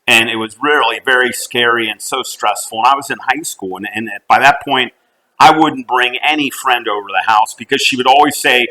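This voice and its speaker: In a rough recording, a middle-aged CEO from the U.S. speaks at medium pitch with a sharp tone. He tells a personal family story in an earnest, halting manner, often restarting what he's saying.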